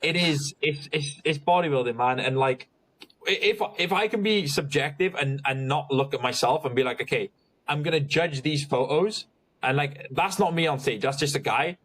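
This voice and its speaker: A man, a podcast guest talking casually and haltingly about his bodybuilding result, with many restarts. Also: on the high side, fairly bright tone.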